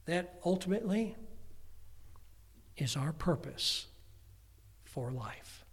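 Speaking slowly in a slightly high, breathy voice, an older pastor delivers a sermon built on family stories. He tells them in a lively way, dropping in humorous asides, and the recording carries long hall reverb.

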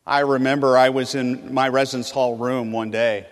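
A man from California preaching a sermon, swinging between loud emphatic bursts and hushed, low phrases. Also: level tone, normal speed, long reverb tail. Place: large hall on a college campus.

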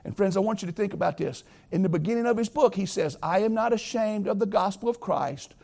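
A man's voice: high-pitched, a little fast, creaky, a little mellow. A man preaching a sermon as pastor, earnest and emphatic, talking straight to his listeners.

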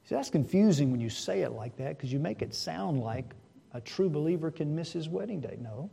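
A man preaching a sermon to his congregation, asking rhetorical questions and swinging between hushed and loud delivery. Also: a little high, animated, fairly quick, vocal fry, husky.

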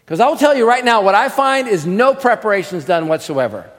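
A man's voice: high voice, sing-song, fairly quick. A man preaching a Sunday sermon, teaching in a conversational way with rhetorical questions and raising his voice for emphasis. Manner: emphatic, raises voice for stress. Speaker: pastor. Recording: long hall reverb.

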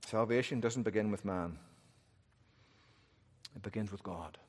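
A man's voice: unhurried, breathy edge. Man preaching emphatically in a reverberant hall. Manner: emphatic preaching, rising and dropping to hushed lows. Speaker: pastor. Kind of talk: sermon.

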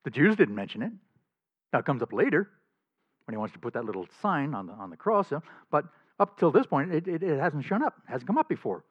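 Animated male pastor preaching, dull dry sound. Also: fairly high pitch, fairly quick, breathy edge, no echo. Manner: animated, emphatic, chuckles often. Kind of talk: sermon. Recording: slightly dull dry recording.

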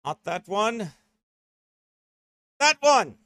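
Brash pastor guy ranting fast, high voice, dry close sound. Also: very animated, a bit bright, no echo. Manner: brash, mocking, rapid rant. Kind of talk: online ranting sermon.

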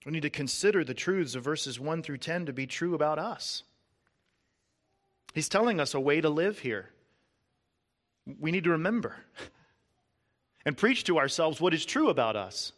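An earnest, emphatic man delivers a sermon, hitting each word of a list and sinking low and quiet at key moments. He's expressive and a little slow, leaving long pauses.

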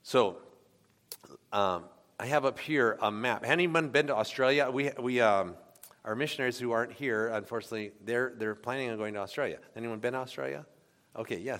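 A man's voice: medium pitch, a bit bright. Conversational man preaching in an echoing hall. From United States. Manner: conversational, asks the congregation questions. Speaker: pastor. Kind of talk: sermon with audience questions. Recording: long hall reverb.

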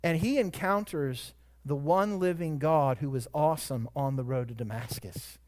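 A man preaching a sermon as pastor, shifting between quiet reflection and loud, emphatic peaks. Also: a little high, moderate pace.

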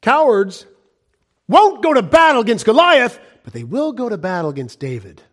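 Middle-aged preacher guy, pretty high voice, fiery sermon, goes from shouting to hushed. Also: sing-song, normal speed. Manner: impassioned, swings from loud cries to hushed, low-voiced warnings. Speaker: pastor.

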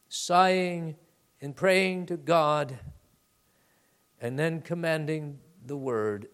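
A male preacher with a notably high voice delivers a sermon at an unhurried pace. He calls his listeners beloved and moves between loud emphatic bursts and quiet, dropped-down asides.

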